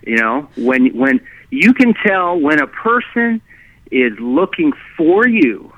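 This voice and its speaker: A man talks a guest's story over a thin, phone-like line, rambling and circling back with restarts and "you know"s. His voice sits a little higher than most men's. The sound is dry and close, with no room around it. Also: very animated, slow, no echo. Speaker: guest telling his experience. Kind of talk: casual storytelling in conversation.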